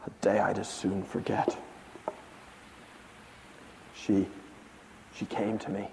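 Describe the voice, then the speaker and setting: A man performing a first-person monologue as an aged male prophet, shifting between hushed and impassioned delivery. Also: low voice, completely flat delivery, slow pace, vocal fry, slight background noise, voice pushed down, full character voice. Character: aged male prophet recounting his miracles. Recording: long hall reverb.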